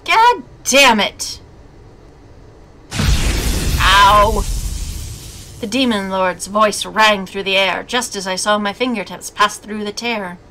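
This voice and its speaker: A woman's voice: medium pitch, steady tone, normal speed, few pauses, bright, forceful tone, a little hiss or hum. A woman reading a visual novel aloud as a game streamer, with snarky asides between narration. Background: game music.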